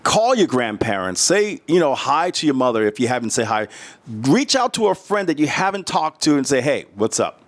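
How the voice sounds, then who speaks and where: A man's voice: mid-range voice, big pitch swings, moderate pace. A middle-aged man from the United States, a guest in a casual interview, talking earnestly and emotionally with many restarts.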